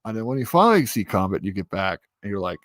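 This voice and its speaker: Host type: low-pitched man, very animated delivery, crude banter, dry mic. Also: quick pace, dry recording. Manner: animated, laughs a lot, acts out mocking voices. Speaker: streamer host. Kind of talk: casual chat.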